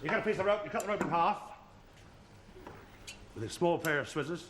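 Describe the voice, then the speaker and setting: Chuckling comic, lively pitch. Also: male voice, brisk. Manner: bumbling, chuckling at own jokes. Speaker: comedian host. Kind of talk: stand-up patter with studio audience. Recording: noisy 1970 TV studio broadcast with loud audience laughter.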